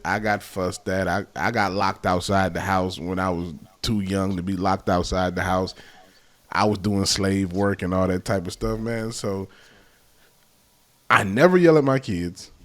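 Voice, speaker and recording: A young man hosting a casual chat, telling family stories with animated bursts and mimicked calls. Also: low-pitched, moderate pace. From American South. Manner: animated storyteller, mimics relatives' shouts. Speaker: host.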